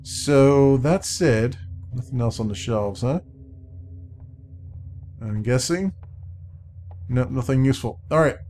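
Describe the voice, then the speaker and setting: A man giving casual let's-play commentary, chatty and thinking out loud as he plays. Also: medium pitch, slow, long pauses, a little hiss or hum.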